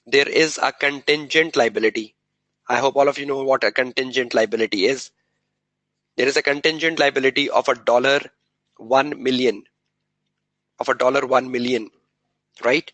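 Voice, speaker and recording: A male lecturer with a medium-pitched, slightly bright voice leads a revision session, firing quick rhetorical questions at the class and answering them himself. He drills students by repeating key words and phrases over and over for emphasis. The sound is dry and close, with little room echo.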